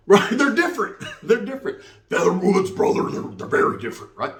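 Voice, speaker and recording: A man's voice: high voice, huge pitch swings, a little fast, fairly bright tone. A middle-aged man, telling a comic story in streetwise slang and tagging lines with "right?". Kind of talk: comedic storytelling. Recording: roomy echo.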